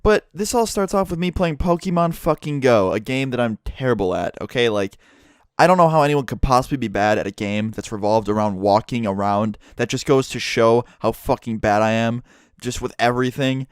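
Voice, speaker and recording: A young YouTuber tells a story vlog in a lively, profane way, swearing throughout. His smooth, clear voice sits at a middle pitch and moves fairly quickly. The sound is dry and close-miked, with no echo.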